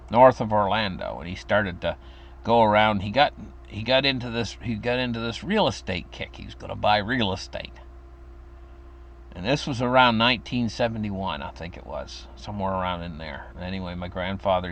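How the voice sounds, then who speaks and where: A man's voice: fairly low pitch, fairly bright tone. A man in his fifties from the United States, telling a childhood story in a meandering, chuckling way. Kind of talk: casual personal storytelling.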